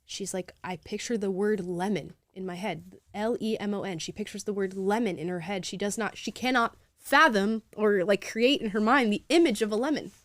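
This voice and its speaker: A woman's voice: medium pitch, normal speed, hardly any pauses, no room sound. A woman hosting a live talk show, reading viewer comments aloud in an upbeat, chatty way and laughing often.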